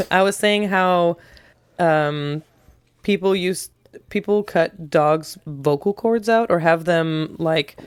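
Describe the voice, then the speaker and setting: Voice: mid-range voice, slow, clear, resonant tone, no echo. A podcast co-host in casual chat, telling wandering stories with frequent giggles and dry humor.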